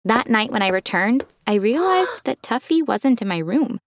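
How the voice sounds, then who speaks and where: A woman giving scripted first-person narration for an animated story, expressive and animated. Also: on the high side, moderate pace, noisy background.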